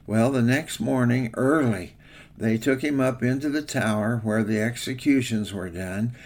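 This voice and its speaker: An older man preaching in a homespun, rambling way, pausing on fillers as he tells a story. His voice has a gravelly, creaky edge at a middle pitch. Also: a little mellow. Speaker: pastor. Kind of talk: folksy devotional sermon with a told story.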